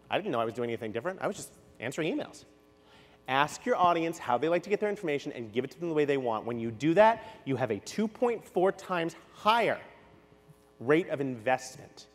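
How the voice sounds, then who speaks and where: A man from New York giving a conference keynote talk, telling stories with quick asides and acting out what people said. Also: on the high side. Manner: animated, storytelling with quick asides and acted-out quotes. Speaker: keynote speaker. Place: large hall. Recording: long hall reverb.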